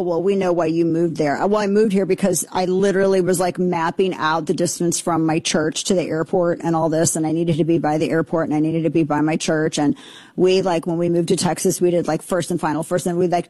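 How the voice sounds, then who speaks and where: A woman's voice: on the low side, a little mellow, dry recording. A woman from rural Missouri hosting an opinionated political commentary show, talking in a sarcastic, emphatic and mocking way.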